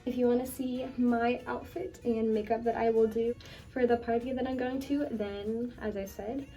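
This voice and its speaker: A woman's voice: fairly high pitch, normal speed, recorded from a distance, lo-fi sound, faint music behind. A young woman vlogger chatting casually while curling her hair, answering viewer questions with plenty of ums. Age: young adult. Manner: relaxed and chatty, frequent ums.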